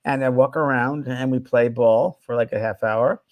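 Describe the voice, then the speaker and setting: Brief: mid-pitched man, easygoing rambling co-host, dry close sound. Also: moderate pace, no room sound, muffled recording. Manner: relaxed, rambling, full of filler words. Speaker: co-host, psychic medium. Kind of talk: casual chat.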